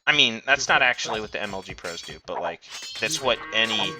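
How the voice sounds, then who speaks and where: A man's voice: fairly low pitch, expressive, a little fast. A man giving casual, rambling let's-play commentary, swearing often and mocking himself. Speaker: gamer. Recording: noisy recording.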